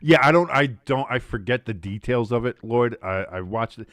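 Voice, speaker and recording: A man's voice: mid-range voice, animated, normal speed, fairly bright tone, no echo. A man hosting a sports watch-along stream, chatting casually between play-by-play calls, rambling with fillers, restarts and casual swearing.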